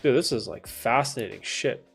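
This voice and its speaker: A man's voice: mid-range voice, moderate pace, creaky, slightly rough. Man in his thirties, livestream host, casual chat, says dude and bro, swears freely, faint music behind.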